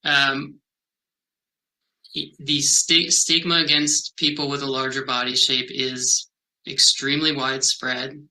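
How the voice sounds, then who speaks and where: Bright-voiced male researcher, halting and thoughtful. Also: medium pitch, flat delivery, rough recording. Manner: thoughtful, halting, many "um" and restarts. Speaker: health behavior researcher. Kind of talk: interview answers.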